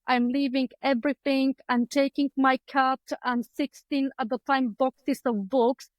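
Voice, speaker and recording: High-voiced woman with Eastern European accent. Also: fairly even intonation, measured pace, dry recording, poor audio. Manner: chatty, acts out her own past thoughts, many fillers. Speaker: guest, clinical psychologist. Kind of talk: conversational interview storytelling. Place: home room lined with books. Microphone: video call.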